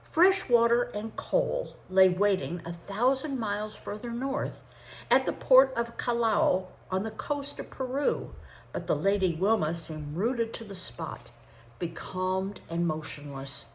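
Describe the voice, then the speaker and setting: An older woman, a grandmother, reading a chapter of a novel aloud in an expressive way. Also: medium pitch, measured pace. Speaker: storybook reader.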